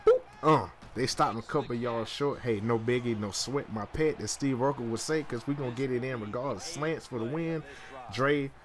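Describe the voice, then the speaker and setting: A man giving casual play-by-play commentary over his own video game, hyped and full of slang, his voice jumping up into sudden high yelps. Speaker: gaming YouTuber.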